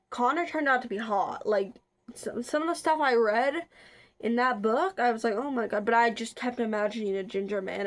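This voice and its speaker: A chatty young woman with a slightly high voice talks casually to her viewers. She rambles, trips over her words and fills gaps with likes and ums. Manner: rambling, chatty, frequent filler words and restarts. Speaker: vlogger. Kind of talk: casual chat.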